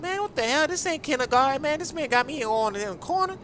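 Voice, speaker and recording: A man's voice: extremely high pitch, lively intonation, fast, bright, forceful tone, a little hiss or hum, heavily acted. A man voicing a brash, cocky young male rapper in a game role-play, swearing in street slang. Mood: complaining.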